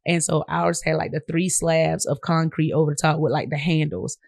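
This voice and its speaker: A woman's voice: low voice, steady tone, normal speed, gravelly, a little mellow, dry recording, clean studio sound. A woman with a Southern US accent hosting a podcast, talking casually and straight to her listeners as "y'all". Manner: conversational, addresses listeners as y'all. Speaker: podcast host. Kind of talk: casual monologue.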